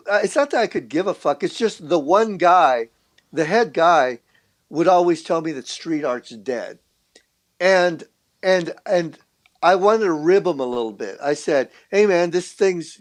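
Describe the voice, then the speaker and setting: A man guesting on a podcast, telling a story in casual, profane talk, full of restarts and acted-out quotes of other people. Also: on the high side. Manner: profane, rambling, with repeated restarts. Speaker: podcast guest, street artist.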